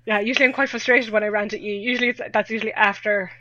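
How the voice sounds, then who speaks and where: A woman's voice: mid-range voice, fairly even intonation, very fast, sharp tone, dry recording. Irish woman, young adult, chatty guest who laughs a lot; muffled lo-fi audio. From Ireland. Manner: chatty, laughs often, self-deprecating. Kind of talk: casual chat. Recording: dull lo-fi dry audio.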